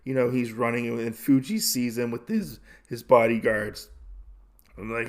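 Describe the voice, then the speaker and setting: Speaking at a measured pace in a steady, medium-pitched voice, a young man on his podcast recaps a comic casually. He rambles a good deal and uses lots of fillers.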